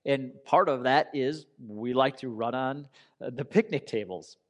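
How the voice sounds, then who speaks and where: An earnest man, a pastor, preaching in a relaxed, story-led way. His voice sits at an ordinary pitch, and he talks to the congregation as if chatting with friends. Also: unhurried. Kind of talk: sermon.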